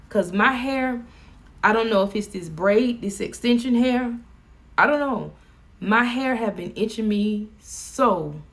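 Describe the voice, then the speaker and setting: A woman's voice: mid-range voice, creaky. A woman with a Southern US accent chatting casually on a live stream, folksy and joking. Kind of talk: casual chat.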